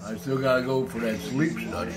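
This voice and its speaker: An older man, a grandfather, telling jokes and chatting in a gruff, crude, teasing way. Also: medium pitch, steady tone, brisk, music in the background. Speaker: grandfather and joke teller. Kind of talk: casual chat.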